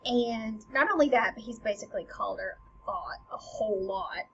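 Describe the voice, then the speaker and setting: A woman teacher walks through a play in a chatty, slangy way, paraphrasing as she goes. Her voice sits fairly high, and the recording sounds a little dull and lo-fi. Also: normal speed, vocal fry, a bit bright, a little hiss or hum. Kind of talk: casual lesson explaining a play. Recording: slightly muffled lo-fi recording.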